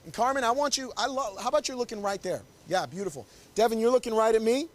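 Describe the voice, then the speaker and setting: A man's voice: very high-pitched, animated, quick pace. A man, a wedding photographer, teaching as he poses a couple, upbeat and coaxing while directing them constantly in a small indoor space. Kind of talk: live posing demonstration. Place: confined indoor shooting space.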